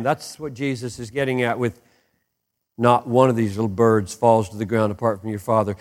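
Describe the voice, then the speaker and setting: A man preaching a sermon with passion, dropping to hushed lows and rising to emphatic peaks. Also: moderate pace. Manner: impassioned, swings from hushed to soaring emphatic peaks. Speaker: pastor.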